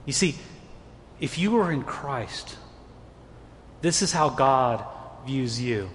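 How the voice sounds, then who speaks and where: A man's voice: medium pitch, animated, slow, long pauses, fairly bright tone, long reverb tail, slight background noise. A man preaching a sermon as a pastor, earnest and stumbling into repeated words as he presses his points.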